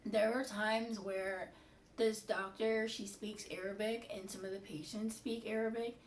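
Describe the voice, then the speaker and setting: A woman's voice: medium pitch, steady tone, a little slow. A young woman vlogging in a candid, frustrated, chatty way about a bad job. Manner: candid, frustrated, lots of fillers. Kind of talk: casual venting monologue. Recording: roomy, distant, faint hiss.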